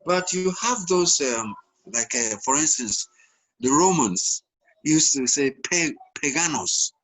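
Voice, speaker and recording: A man's voice: a little high, expressive, slow pace, fairly bright tone, slightly rough, low-quality recording. An older man from Ghana, a podcast guest talking in a loose, rambling way, often repeating words. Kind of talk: casual conversation.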